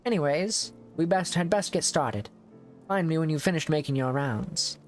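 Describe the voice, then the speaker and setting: A man reading out a calm young woman mage's game dialogue in a gentle, wry way. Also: fairly high pitch, moderate pace, faint music behind, pitched above the performer's own voice, natural voice.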